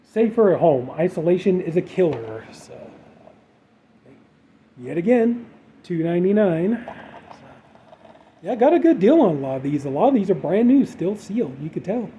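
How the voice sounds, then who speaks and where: Guy showing off his horror movie haul, real dark mellow voice, kinda dull lo-fi audio with a faint hiss. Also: high-pitched, moderate pace, pauses often. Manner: rambling, filler-heavy, relaxed. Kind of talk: casual unboxing chat.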